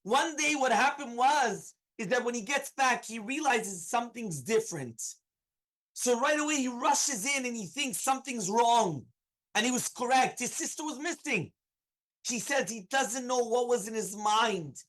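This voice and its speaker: A man's voice: very high-pitched, animated, a little slow, a bit bright, rough recording. A man, a rabbi, giving a Torah lesson and telling a story in an earnest, repetitive way.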